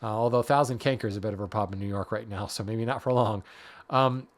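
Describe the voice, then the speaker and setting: A man's voice: on the low side, fast talker. A man hosting a woodworking podcast, explaining wood grading and color in a casual, self-deprecating way that often restarts mid-sentence. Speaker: podcast host, hardwood lumber expert.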